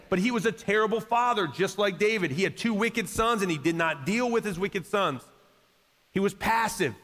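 A man's voice: high-pitched, a bit bright. Preaching man in a reverberant hall. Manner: conversational preaching, acts out quoted voices, rising to emphatic peaks. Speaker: pastor. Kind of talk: sermon. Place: church sanctuary. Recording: long reverb of a large hall.

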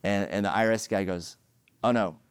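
A middle-aged male pastor preaching a sermon, telling stories with animated, emphatic delivery that climbs to loud peaks. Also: lowish voice, quick pace, clear, resonant tone, dry recording.

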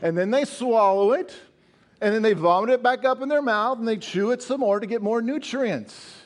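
Male pastor, middle-aged, from rural Colorado; high-pitched, emphatic, repetitive sermon delivery with questions to the room. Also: normal speed. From northeastern Colorado. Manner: emphatic, repeats phrases, asks the congregation questions.

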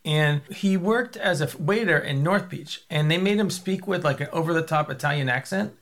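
A man's voice: on the high side, normal speed, fairly bright tone. Wry man telling a story. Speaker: podcast co-host. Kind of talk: casual chat.

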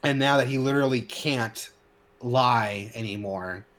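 A man co-hosting a casual podcast, his voice at an ordinary middle pitch. He rants heatedly, stumbling through restarts and fillers as he talks. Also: measured pace, fairly bright tone. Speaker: podcast co-host. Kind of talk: casual opinionated chat.

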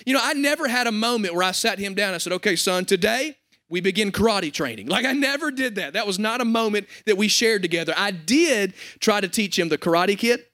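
A man's voice: sits high, lively intonation, brisk, bright, forceful tone. A young adult man pastor preaching a sermon to his congregation, conversational and joking.

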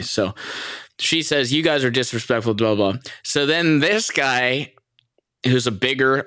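A young American man tells a story to his viewers, animated and profane, breaking into laughter. His voice is smooth and resonant, at a middle pitch. The sound is dry and close. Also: no echo. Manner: animated, profane, laughs often, mimics people in high voices. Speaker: vlogger. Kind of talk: casual storytelling.

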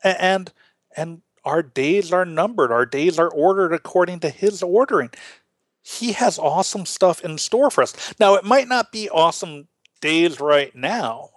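A man's voice: high-pitched, expressive, a little slow, dry recording. A man from Illinois hosting a Lutheran podcast, teaching in a casual chat with earnest, stammering restarts. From Illinois, USA.

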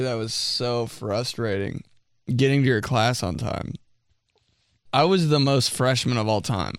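A man's voice: mid-range voice, creaky, a bit bright, dry recording, studio quality. A man hosting a comedy show, reading out listener stories in a casual, joking way. He laughs often and slips into mocking voices.

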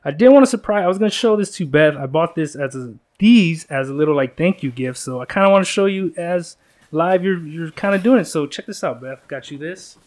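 A man's voice: on the high side, expressive, brisk, darkish tone. A man hosts a laid-back podcast, wandering from thought to thought with a joking, easygoing manner. His talk is full of fillers and restarts, and he keeps things loose and chatty. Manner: rambling, jokey, many fillers and restarts. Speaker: podcast host. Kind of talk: casual chat.

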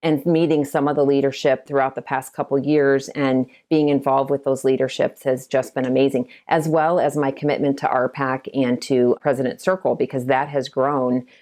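A woman's voice: rumbling low, level tone, normal speed, hardly any pauses, a little mellow. A middle-aged woman from Ohio, a realtor and broker, telling stories in a casual interview and acting out the quotes. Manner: chatty storytelling, acts out quotes. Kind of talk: conversational interview.

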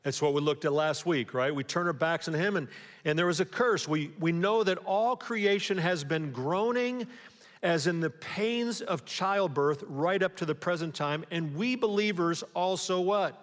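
A man preaching a sermon as pastor, in a conversational way, often pausing to ask the congregation rhetorical questions. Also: a little high. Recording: long hall reverb.

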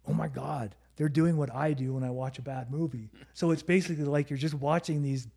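A man's voice: on the high side, fairly even intonation, brisk, gravelly, dark tone, breathy edge. A man chatting casually on a podcast, telling a story with plenty of swearing and laughter. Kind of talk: casual chat.

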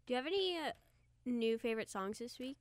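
A young woman co-hosting a podcast in a smooth, clear voice. She rambles casually and drops slang as she talks. The recording is dry and close. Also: on the high side, expressive, a little fast, no echo. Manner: chatty, rambling, uses slang. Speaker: podcast co-host. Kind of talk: casual chat.

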